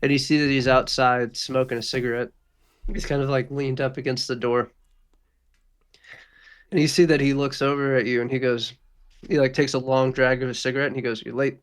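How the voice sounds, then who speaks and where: A man's voice: medium pitch, little pitch movement, fairly quick, long pauses, clean tone. A man narrating a tabletop game as game master, rambling with many fillers and casual swearing.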